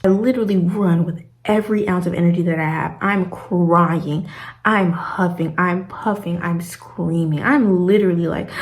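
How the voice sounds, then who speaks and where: A woman's voice: on the low side, darkish tone. A young woman vlogger telling a story in casual slang, acting out the people in it. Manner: dramatic, slangy storytelling with acted-out quotes. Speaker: travel vlogger. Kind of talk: animated storytime vlog.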